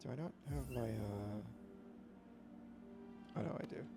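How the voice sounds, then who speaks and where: Guy streaming a game and rambling, kinda gravelly voice, low music behind. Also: unhurried. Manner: rambling, self-correcting, upbeat. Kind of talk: casual gameplay commentary.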